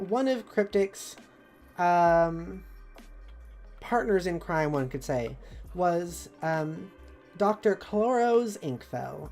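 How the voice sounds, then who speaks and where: Low-voiced woman streamer, rambling. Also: a little mellow. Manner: rambling, jumps between thoughts. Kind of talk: casual live-stream chat.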